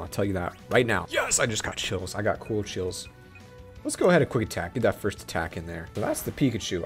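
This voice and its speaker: Hyped young man playing a game. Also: fairly low pitch. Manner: hyped, playful, talks to the game. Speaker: gaming channel host. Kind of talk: excited let's play commentary.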